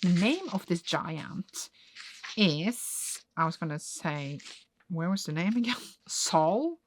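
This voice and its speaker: A woman vlogger reacting casually as she reads a manga aloud, excitable and gushing, with lots of "like" fillers. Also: fairly low pitch, slow pace, a little hiss or hum. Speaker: reading vlogger.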